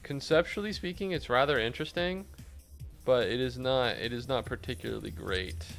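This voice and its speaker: Creaky-voiced man streaming a game. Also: mid-range voice, moderate pace, faint music behind. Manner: deadpan mock-serious, swearing. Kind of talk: casual gameplay chat with viewers.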